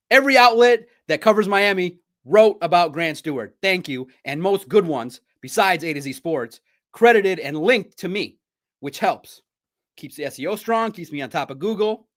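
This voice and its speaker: Animated, boastful male podcast host. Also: high voice. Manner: boastful, repetitive, trash-talking. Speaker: sports podcast host and reporter. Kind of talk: casual podcast monologue.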